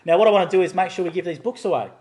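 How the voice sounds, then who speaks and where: A man's voice: sits high, very fast, darkish tone. A man hosting a live stream in a chatty, upbeat way. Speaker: host.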